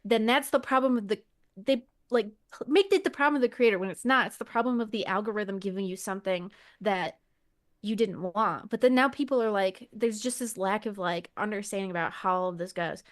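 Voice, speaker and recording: A woman's voice: mid-range voice, brisk. A woman co-hosting a motorsport podcast, talking in a blunt, profane, opinionated way. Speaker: podcast co-host. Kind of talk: casual chat.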